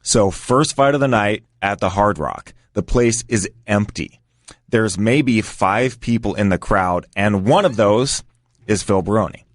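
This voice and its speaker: A man's voice: lowish voice, a little slow, no echo, clean studio sound. A man casually telling a story, acting out other people's lines. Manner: anecdotal, acts out quotes. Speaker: guest.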